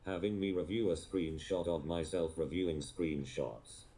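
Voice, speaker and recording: A man's voice: sits low, fairly even intonation, moderate pace, mellow. A man's synthetic robotic voice playing a sarcastic ex-military robot crew unit, dry and clipped. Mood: deadpan.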